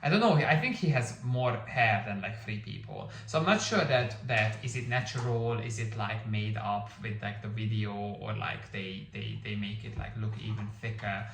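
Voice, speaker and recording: A man's voice: lowish voice, moderate pace, few pauses, a bit bright, far from the mic. A man giving a casual movie review, rambling with lots of fillers and restarts; his first language is Hungarian. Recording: echoey room, somewhat off-mic.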